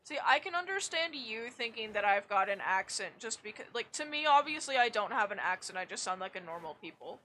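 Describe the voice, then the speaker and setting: A woman's voice: on the high side, lively intonation, a little fast, hardly any pauses, sharp tone, slight background noise. A young woman streaming a game, chatting casually, swearing freely and poking fun at herself. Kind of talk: casual gameplay chat.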